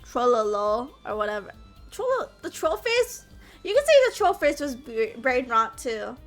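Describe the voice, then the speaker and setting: A woman's voice: a little high, very animated, a little slow, a bit bright, faint music behind. A woman in her twenties chatting casually on a live stream, full of "like" and tag questions. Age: 20s. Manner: chatty, peppers speech with "like" and "yeah?".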